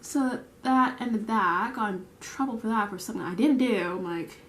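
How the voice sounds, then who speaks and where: A woman's voice: mid-range voice, moderate pace, hardly any pauses, fairly bright tone, echoey room. A woman telling rambling work stories while doing her makeup, full of restarts and fillers. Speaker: vlogger; bakery store worker. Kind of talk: get-ready-with-me chat while doing makeup.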